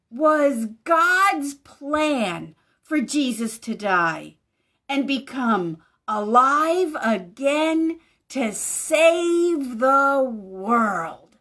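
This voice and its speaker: A woman pastor reads a picture book aloud to young children, her voice bright and high. She takes it unhurriedly, with a gentle, animated lilt, pausing to ask the little ones questions. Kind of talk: children's story time reading.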